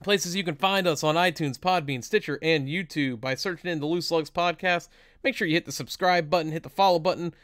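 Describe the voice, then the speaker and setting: Smooth-voiced young man hosting a podcast. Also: a little high, a bit bright, dry recording, studio quality. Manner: chatty, reads plugs in a quick upbeat run. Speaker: podcast co-host. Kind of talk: casual podcast chat.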